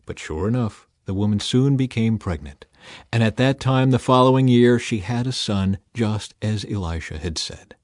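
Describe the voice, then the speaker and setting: A man narrating a scripture story in a measured, deliberate reading style. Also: lowish voice, animated, darkish tone, no echo, clean studio sound.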